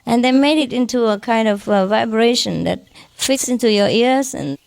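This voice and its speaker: A woman's voice: fairly high pitch, normal speed, vocal fry, darkish tone, no room sound. Chatty woman spiritual teacher, dry sound. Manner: chatty, ends phrases with questioning "huh?"; self-mocking, joking about her broken English. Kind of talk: informal lecture to followers.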